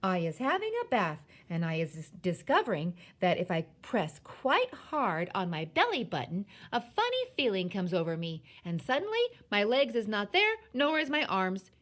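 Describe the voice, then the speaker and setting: A woman reading aloud, voicing an excited, boastful young boy who tells his dream in broken grammar. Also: medium pitch, normal speed, few pauses.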